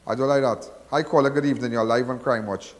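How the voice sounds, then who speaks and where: A man's voice: mid-range voice, fairly even intonation, quick pace, in a large hall. A man with a Trinidadian accent hosting a call-in show, talking in a rambling, repetitive, preachy way. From Trinidad and Tobago. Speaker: radio call-in show host. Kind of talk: casual call-in talk.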